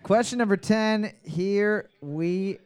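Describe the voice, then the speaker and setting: A man's voice: high voice, slow pace, a little mellow, slight background noise. A man hosting a trivia night podcast, reading each question twice and joking crudely between rounds. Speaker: trivia host.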